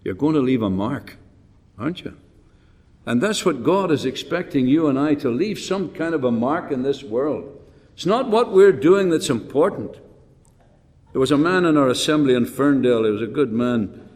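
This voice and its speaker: An older man preaching a folksy, rambling sermon with rhetorical questions and frequent restarts. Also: fairly high pitch. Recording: long hall reverb.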